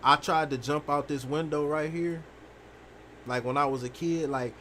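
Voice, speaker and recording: Animated, profane young man telling a story. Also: fairly high pitch, moderate pace, a little hiss or hum. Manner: animated, profane, rambling with lots of fillers. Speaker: gaming streamer. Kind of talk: casual storytelling while playing a game.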